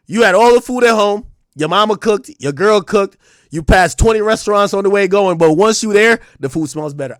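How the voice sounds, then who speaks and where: A man in his thirties riffs to his live chat in a loose, profane rant. His voice sits high, and he swings between loud, mocking outbursts and low, mumbled asides. The sound is dry and close, with no room around it. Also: dry recording. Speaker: streamer.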